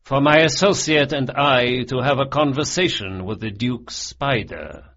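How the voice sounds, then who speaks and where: A man's voice: medium pitch, a little slow. Man voicing a suave, menacing older crime lord. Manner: suave, courteous, quietly threatening. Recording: dull lo-fi audiobook recording.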